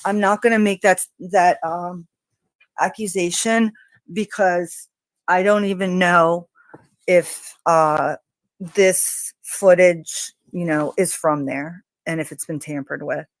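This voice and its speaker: A woman hosting a true crime channel, talking casually in an unhurried, hesitant way with frequent ums. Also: fairly low pitch, steady tone, no room sound. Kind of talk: casual spoken commentary.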